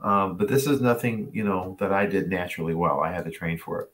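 A man's voice: low-pitched, brisk. A middle-aged man, a tennis coach, telling a story to a class over a video call and acting out the voices he quotes. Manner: animated, acts out quoted voices. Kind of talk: storytelling masterclass talk.

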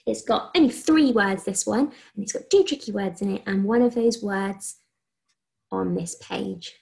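A woman teacher from England talks young pupils through a recorded phonics lesson. Her voice carries a rough, creaky edge. She dictates sentences slowly and sounds out letters, with frequent cheerful praise. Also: mid-range voice, darkish tone. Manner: slow, clearly sounded dictation with encouraging praise. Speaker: primary school teacher.

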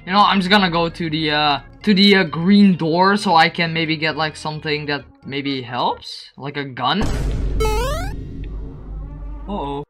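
A young man giving excited gameplay commentary, rambling with fillers and breaking into screams and laughter. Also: fairly high pitch, unhurried. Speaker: gamer recording gameplay. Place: indoors at a computer, in voice chat. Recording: game music playing faintly behind.

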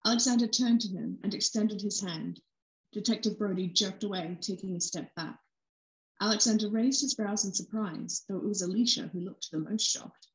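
A woman narrating her own novel at a launch event, steady and expressive in her delivery. Her voice sits at a middle pitch, and the room gives it a clear echo. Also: normal speed. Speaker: author reading her book. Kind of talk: book reading narration. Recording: roomy echo.

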